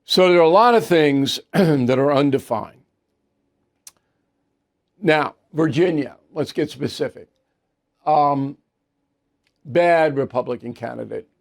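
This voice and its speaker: A man's voice: on the high side, takes it slowly, creaky, long pauses. An older man from New York hosting a news commentary show, delivering a blunt, emphatic, sarcastic opinion monologue. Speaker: host.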